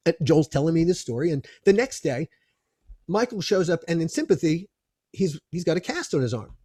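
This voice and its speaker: A man, a film producer guest, telling a lively anecdote in an expressive way and often restarting his phrases. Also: a little high, a little fast, slightly rough, no echo, studio quality.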